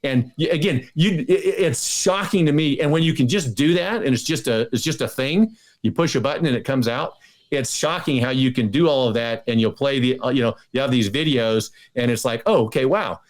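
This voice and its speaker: A man's voice: mid-range voice, a little fast. A man as a guest in an interview, talking casually and eagerly, often restarting and repeating words. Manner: enthusiastic, many restarts and repetitions.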